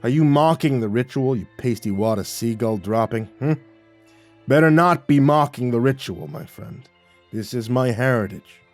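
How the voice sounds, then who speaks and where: A man voicing an ancient male skinwalker who speaks in a low, mocking, calmly amused way. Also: moderate pace, soft background music, natural voice. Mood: sly. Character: ancient sly male skinwalker, teasing and unhurried.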